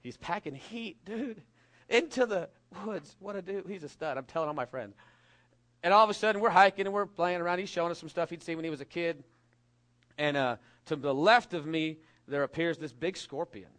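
A middle-aged man from California preaching a sermon, telling a lively story with jokes and acting out the voices of the people in it. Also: on the high side, brisk. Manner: storytelling, animated and jokey, acts out voices. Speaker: pastor.

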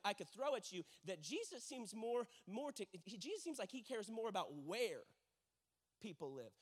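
A young man preaching a sermon as pastor, telling stories and acting out quotes with emphatic repetition. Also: extremely high pitch.

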